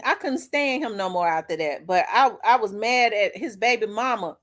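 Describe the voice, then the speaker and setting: A middle-aged woman, hosting a vlog and telling a story in a blunt, profane, animated way. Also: medium pitch, normal speed, hardly any pauses. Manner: blunt, profane, animated, acts out quoted people. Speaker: vlog host. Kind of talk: candid storytelling monologue.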